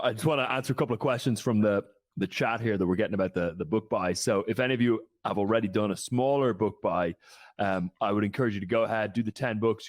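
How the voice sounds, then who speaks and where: Male event host, slightly deep, businesslike wrap-up of chat questions. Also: no echo. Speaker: host running a live online event. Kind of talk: announcing audience questions and offers.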